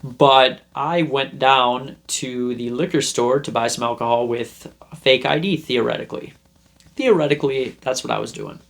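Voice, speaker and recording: A man's voice: medium pitch, normal speed, gravelly, a bit bright. A young man hosting a self-help video, chatting casually and rambling through a story he acts out. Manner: rambling, acts out scenes in put-on voices. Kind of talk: casual talk to camera.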